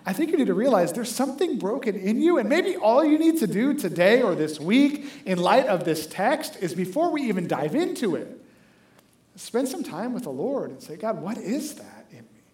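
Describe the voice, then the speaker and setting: A male pastor delivers a lively sermon with a high voice, talking to the congregation conversationally and checking in with "right?" again and again. The sound is roomy, as though it were picked up in a large echoing sanctuary. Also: moderate pace. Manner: animated, conversational, keeps asking "right?".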